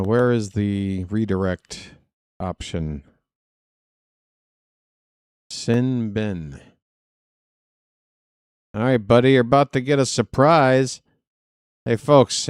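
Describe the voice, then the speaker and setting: A man's voice: medium pitch, fairly even intonation, takes it slowly, long pauses, darkish tone, clear, resonant tone, no room sound, studio quality. A man hosting a live baseball stream, chatting casually with viewers and joking in asides.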